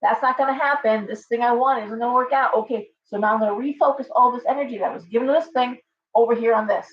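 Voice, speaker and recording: A woman's voice: a little high, fast, distant mic. A middle-aged woman giving a casual, rambling tarot reading on a live stream, full of fillers and restarts. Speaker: tarot reader. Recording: muffled audio from away from the mic.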